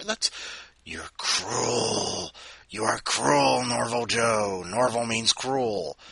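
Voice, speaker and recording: A man hosting a podcast in a casual chat, talking softly to his cats between segments. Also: mid-range voice, drawn-out words, gravelly. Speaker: podcast host.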